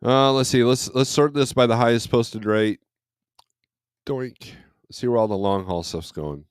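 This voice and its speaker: In a smooth mid-range voice at normal speed, a trucker hosting a morning livestream from home chats casually, rambling and reading out what viewers comment. He isn't in a truck, and the recording is dry with clean studio sound.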